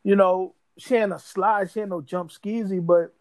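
A man's voice: high-pitched, steady tone, moderate pace. A man co-hosting a podcast in casual chat, rambling and repeating words, full of slang. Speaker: podcast co-host.

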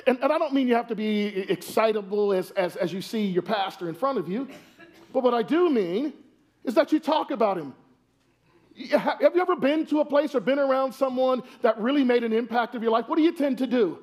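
Man, pastor, sermon, high-pitched, animated, rhetorical questions, church, miked. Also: brisk. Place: church sanctuary. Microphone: wears a microphone.

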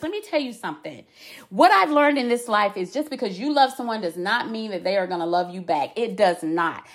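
A woman hosting a podcast, giving impassioned relationship commentary in an emphatic, preachy way and repeating herself for emphasis. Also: a little high. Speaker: podcast host.

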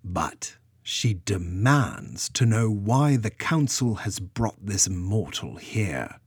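A man's voice: fairly low pitch, sing-song, slow pace, breathy edge, no echo, clean studio sound, full character voice. A man voicing a proud, commanding goddess queen who speaks sternly. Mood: regal, stern. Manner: stern, regal.

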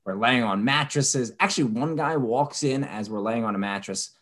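A man co-hosting a podcast, telling a story with lively asides and mocking impressions of people. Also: normal speed. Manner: animated storyteller, mimics people in high voices. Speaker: podcast co-host. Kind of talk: casual chat.

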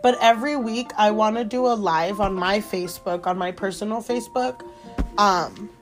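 A young woman talks casually on a podcast with her sister, rambling along with plenty of fillers. Her voice sits at a middle pitch for a woman. Faint music plays underneath. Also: normal speed. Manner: chatty, rambling, many fillers. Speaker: podcast co-host. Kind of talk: casual chat.

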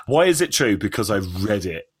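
Husky low-voiced man, mocking banter. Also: big pitch swings. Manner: mocking banter, quick to laugh. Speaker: co-host. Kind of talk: casual gaming chat.

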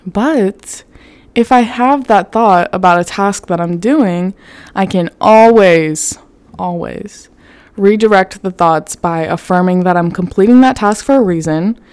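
A woman's voice: mid-range voice, darkish tone, no echo. A young woman hosting a casual self-help podcast, talking candidly, swearing freely and peppering her speech with "like". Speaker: podcast host.

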